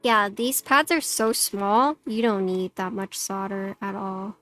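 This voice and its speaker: A woman's voice: mid-range voice, fairly even intonation, unhurried, a bit bright, faint music behind. A woman livestreaming, chatting casually with her viewers and using lots of "like" fillers. Her voice has a slightly robotic noise-suppression filter. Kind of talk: casual chat with stream viewers.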